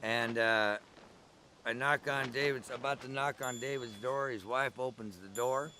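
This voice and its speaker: A man's voice: medium pitch, steady tone, a little slow, bright, forceful tone, a little hiss or hum. An older man recalling his early days at the gathering in a rambling, conversational oral-history style. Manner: rambling, conversational storytelling with digressions.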